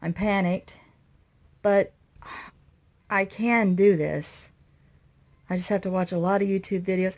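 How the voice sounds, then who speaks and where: A slightly mellow, lowish female voice narrates a casual, meandering vlog tour of an old motorhome she's renovating. She addresses viewers directly and comes across as anxious and overwhelmed.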